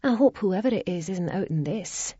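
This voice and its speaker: A woman's voice: medium pitch, expressive, normal speed, warm tone, breathy edge, no room sound, muffled recording, voice pushed up. A woman voicing an eager, determined young girl in a romance audiobook.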